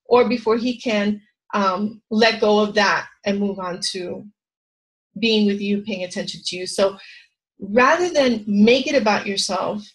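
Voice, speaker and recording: A middle-aged woman talks through relationship advice as a coach. Her voice sits in an ordinary middle pitch, and she speaks to the viewer directly and confidingly. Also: unhurried, rough recording. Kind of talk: direct-to-camera advice talk.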